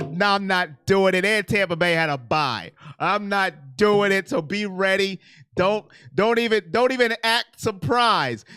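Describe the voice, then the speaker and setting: A man hosting a live sports stream, talking to his chat in an excitable, unhurried way. His voice sits fairly high and rings clear and smooth. The sound is close and dry. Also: dry recording. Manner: excitable, talks straight to chat. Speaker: sports livestream host.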